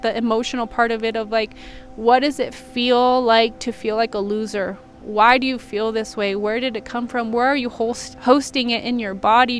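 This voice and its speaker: A woman who does intuitive readings and healings, talking candidly and emotionally in a personal vlog. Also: fairly high pitch. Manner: earnest, confessional, emotional. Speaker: intuitive healer and reader. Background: faint music from a neighbor.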